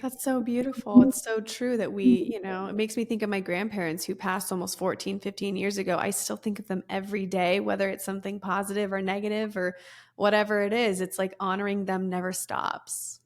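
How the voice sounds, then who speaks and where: A woman's voice: medium pitch, little pitch movement, a little fast. Enthusiastic woman podcast host. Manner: enthusiastic and affirming. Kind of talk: conversational podcast interview.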